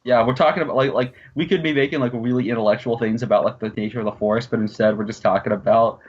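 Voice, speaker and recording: A man rambling through a casual movie commentary with friends, full of "like" and quick laughs. His voice sits at an ordinary pitch. The recording sounds dull and lo-fi. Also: steady tone, slightly rough. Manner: rambling, filler-heavy, laughs often, hums movie music. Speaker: podcast co-host.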